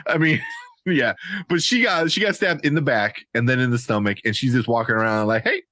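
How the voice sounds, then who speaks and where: A man's voice: medium pitch, a little fast, bright, forceful tone. A man co-hosting a casual movie review show, talking animatedly and laughing, often mimicking characters in playful voices. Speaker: podcast co-host.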